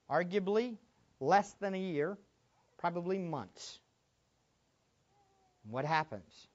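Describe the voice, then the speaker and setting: Male pastor, sermon delivery, swings between hushed asides and loud emphasis, slightly dull recording. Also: fairly high pitch.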